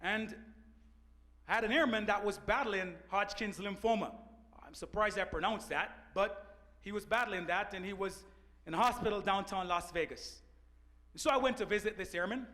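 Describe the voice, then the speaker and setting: A man, an Air Force first sergeant, telling an earnest personal story to an audience on a panel, sometimes dropping to a hushed voice. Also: high voice, moderate pace. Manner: earnest storyteller, drops to a hushed voice at emotional points. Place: large auditorium.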